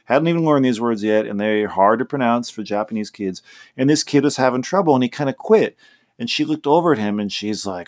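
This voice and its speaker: With a mid-range, expressive voice and a fairly quick pace, a podcast host delivers a loose, casual monologue that rambles and restarts a lot. Faintly behind him is guitar he is playing himself.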